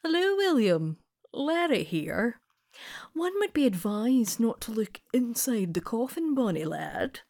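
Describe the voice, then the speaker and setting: A woman reading as a stately talking dog, prim and formal, speaking in a posh Edinburgh accent. His lines come soft and rather far from the mic, with a lively rise and fall. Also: a little high, measured pace, dry recording, studio quality. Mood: polite warning.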